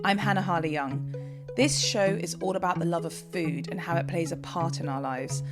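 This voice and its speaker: A woman hosting a food podcast, speaking in a bright, enthusiastic, polished way. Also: on the low side, steady tone, normal speed, over loud music. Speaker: podcast host. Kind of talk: ad read and interview hosting.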